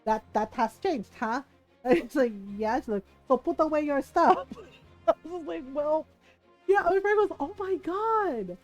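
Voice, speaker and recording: High-pitched woman streaming a game, chatty and giggly, faint music under her. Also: measured pace. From Filipino family. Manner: chatty, laughs often, quotes family in voices. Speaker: gaming streamer. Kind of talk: casual storytelling while gaming.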